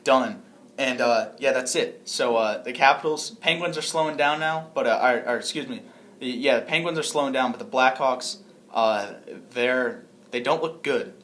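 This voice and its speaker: A man's voice: mid-range voice, moderate pace, fairly bright tone. A young man co-hosting a casual podcast, rambling with restarts and frequent laughs. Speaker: podcast co-host.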